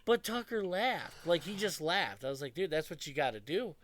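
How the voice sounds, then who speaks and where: A man's voice: on the high side, very animated, moderate pace, a loud crowd. A young adult man co-hosting a podcast, telling stories in a casual, profane way and laughing often. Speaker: podcast co-host. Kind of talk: casual chat.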